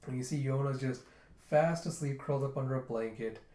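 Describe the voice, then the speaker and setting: A man's voice: medium pitch, brisk, mellow. A man casually retelling a comic during a readthrough, with offhand asides. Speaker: manga reviewer. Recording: roomy echo.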